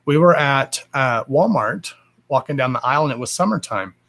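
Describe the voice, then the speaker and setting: A man's voice: mid-range voice, expressive, moderate pace, a bit bright. A man hosting a casual livestream from home, talking bluntly and swearing freely in a fired-up, emphatic rant. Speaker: livestream host.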